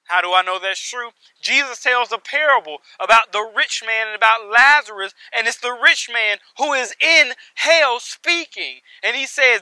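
Guy preaching, dry close sound, piles up phrases, goes loud then real quiet. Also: very high-pitched, animated, moderate pace, no room sound, low-quality recording. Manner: emphatic, builds with repeated phrases, swings from loud to hushed. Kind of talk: sermon.

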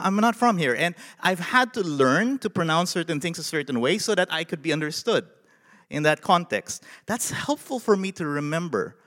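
A man from the Philippines with a Filipino English accent, preaching a sermon as a pastor in an animated way and putting questions to his listeners. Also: fairly high pitch, in a large hall.

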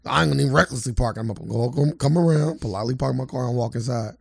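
A man co-hosting a podcast in casual chat, telling animated stories with lots of swearing and acted-out quotes. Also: medium pitch, very fast, vocal fry, no echo, studio quality. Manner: animated storytelling, acts out quotes, swears freely. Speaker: podcast co-host.

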